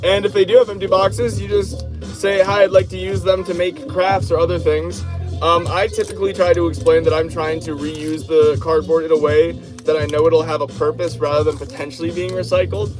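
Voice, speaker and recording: A man's voice: fairly high pitch, little pitch movement, brisk, music in the background, poor audio. A man hosting a casual crafting stream, rambling playfully between topics while he works. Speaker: channel host, crafter.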